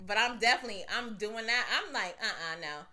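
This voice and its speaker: A woman co-hosting a podcast, chatting casually, loud and profane, often laughing as she tells it. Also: fairly high pitch, animated, a little fast, soft background music. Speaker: podcast co-host. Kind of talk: casual chat.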